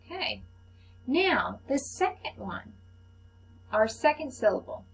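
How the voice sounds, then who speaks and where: A woman teacher giving a slow, patient phonics lesson to young children, speaking into a computer microphone. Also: fairly high pitch, sing-song, vocal fry, slight background noise, low-quality recording. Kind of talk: recorded online phonics lesson.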